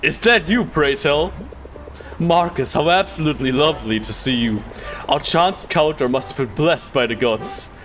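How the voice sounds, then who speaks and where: A man's voice: normal speed, a bit bright, faint music behind, natural voice. A man putting on a pompous, old-fashioned theatrical voice for a game character, flowery and exaggerated. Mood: grandiose. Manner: flowery, exaggerated high-pitched delivery.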